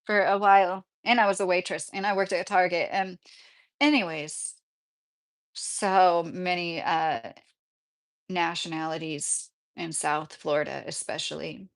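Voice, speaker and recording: A woman's voice: fairly low pitch, steady tone, unhurried. A woman in her thirties with a slight Midwestern accent, chatting casually on a livestream and answering viewer questions. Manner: chatty, rambling, laughs often.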